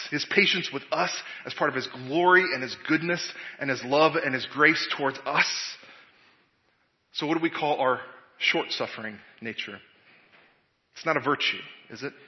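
A man's voice: a little high, moderate pace, lo-fi sound. A man preaching a sermon as a pastor, earnest and questioning, quoting scripture.

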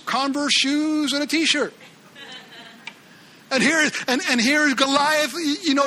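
A man preaching a sermon in an animated way, acting out the Bible characters' lines and often restarting his phrases. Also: sits high. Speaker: pastor.

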